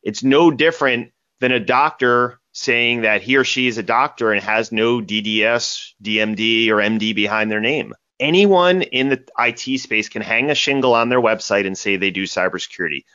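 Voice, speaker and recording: A man's voice: mid-range voice, normal speed, few pauses, pushed and bright, clean tone, dry recording. A man as a podcast guest, telling stories animatedly and tagging points with "right?". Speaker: cybersecurity company guest. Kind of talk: podcast interview answers. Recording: dull lo-fi dry audio.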